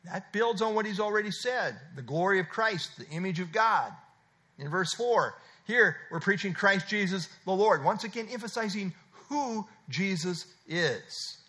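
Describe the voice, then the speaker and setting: A man's voice: high-pitched, animated, measured pace, sharp tone. A man preaching a sermon, explaining scripture verse by verse with repeated emphatic phrases and frequent uh fillers. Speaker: pastor.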